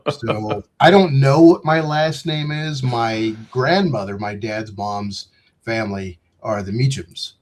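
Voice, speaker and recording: A man's voice: mid-range voice, slow, darkish tone. A man in his fifties, a game designer talking through a video call, rambling and joking with digressions. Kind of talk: casual interview chat.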